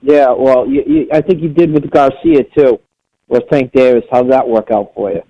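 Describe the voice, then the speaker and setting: A man's voice: mid-range voice, normal speed, no echo. A man calling in to a podcast, blunt and swearing a lot as he argues. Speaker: caller. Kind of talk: call-in phone chat. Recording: muffled phone line.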